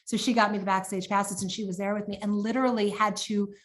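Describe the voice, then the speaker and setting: A woman singer as an interview guest, chatting in a bubbly, animated way and laughing often. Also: mid-range voice, fast talker, a little hiss or hum. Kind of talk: casual interview chat.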